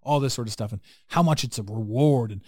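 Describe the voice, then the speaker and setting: A man's voice: medium pitch, fairly quick, mellow, no echo, clean studio sound. Blunt, swearing male podcast host. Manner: blunt, profane, emphatic and preachy. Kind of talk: casual podcast conversation.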